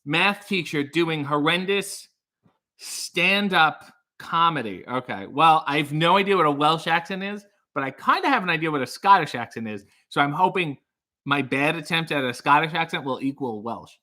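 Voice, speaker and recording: Chatty guy on a livestream, bright voice, a bit high, rambling jokes about comments. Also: lively intonation, brisk. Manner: rambling, jokey, self-deprecating. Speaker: livestream host. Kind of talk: casual chat reading viewer comments.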